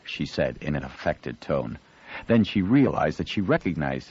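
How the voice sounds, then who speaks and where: A man reading an audiobook in an expressive storytelling manner, shifting his voice for the characters. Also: a bass voice, normal speed, slightly rough, dry recording, highs cut off. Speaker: audiobook narrator. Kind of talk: scripted audiobook narration.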